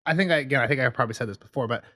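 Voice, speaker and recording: A man's voice: medium pitch, rapid-fire, pushed and bright. A man co-hosting a podcast, chatting casually about a book with rambling asides and frequent laughter. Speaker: podcast co-host.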